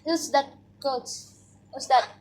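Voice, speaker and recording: High-voiced Filipino-accented woman, coaxing. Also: fairly even intonation, slow, heavy background noise. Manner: coaxing, chatty, tacks short particles onto her sentences. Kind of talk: casual home chat and bedtime reading aloud. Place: bedroom at home.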